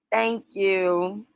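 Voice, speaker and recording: A woman hosting a casual late-night livestream, talking warmly and emotionally with her viewers. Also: medium pitch, gravelly, clean tone, no room sound. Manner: emotional, folksy, talks straight to chat.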